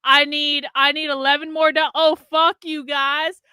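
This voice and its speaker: A woman's voice: sits high, little pitch movement, measured pace, bright, forceful tone, dry recording, studio quality. A tipsy woman hosting a casual livestream, swearing and teasing her viewers, slipping into a mock Southern drawl. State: tipsy from drinking beer. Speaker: livestream host.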